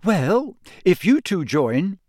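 An earnest, bossy teenage schoolgirl in an audiobook, as a man puts her on, her voice raised and full of lively swings. She talks briskly and insistently, in a dry, close studio sound. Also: high-pitched, no room sound, pitched above the performer's own voice, heavily acted. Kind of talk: audiobook character voice.

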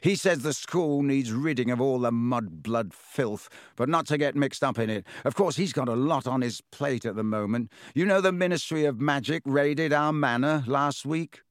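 A man's voice: medium pitch, moderate pace, hardly any pauses, dry recording, studio quality, lightly acted. A man voicing a snobbish, sneering schoolboy with a scornful drawl.

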